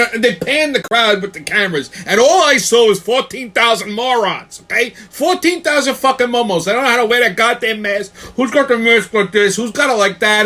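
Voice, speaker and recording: A man in a furious, profanity-laden rant, punching each point with a challenging "okay?". His voice sits high for a man and comes across bright and sharp. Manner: angry, swearing constantly, repeating "okay?". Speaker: show host.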